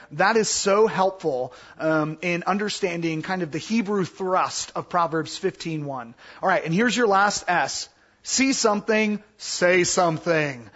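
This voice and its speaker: A man giving Bible teaching in a casual, animated way, acting out the voices he quotes. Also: high voice, muffled recording.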